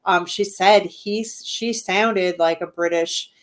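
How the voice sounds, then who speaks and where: A woman's voice: fairly low pitch, steady tone, slow. A woman owner of a haunted venue, chatting casually as a guest and rambling with many ums. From Midwestern United States. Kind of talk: casual interview chat.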